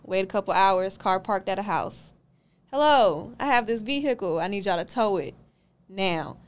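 Lively storytelling woman with a smooth voice. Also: mid-range voice, moderate pace. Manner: lively, acts out both sides of the story. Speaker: podcast guest, car rental owner. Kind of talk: animated storytelling in a casual interview.

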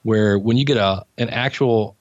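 A man's voice: on the low side, moderate pace, dry recording. Man telling stories on dull lo-fi audio. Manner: rambling anecdotes, acting out his own past remarks. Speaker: podcast guest. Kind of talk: casual storytelling conversation.

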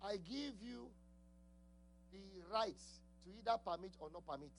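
A man's voice: sits high, expressive, normal speed, slight background noise. A man with an accent preaching a sermon, laughing often, asking the congregation questions and repeating key words. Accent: non-native English accent.

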